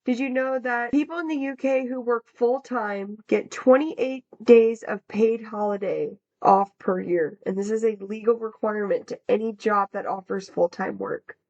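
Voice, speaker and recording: Young american woman, casual podcast co-host, slightly high voice, dull lo-fi recording. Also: normal speed, few pauses, a little mellow. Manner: chatty, reads facts with casual fillers. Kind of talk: casual podcast chat, reading researched facts. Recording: dull lo-fi sound.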